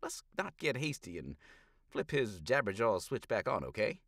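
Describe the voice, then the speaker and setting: A man's voice: on the low side, big pitch swings, moderate pace, a bit bright, no room sound, studio quality, pitched above the performer's own voice, exaggerated voice. A man voicing a wisecracking rowdy backwoods man with a cheeky drawl, read in a small booth. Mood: mocking. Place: small hot home recording booth.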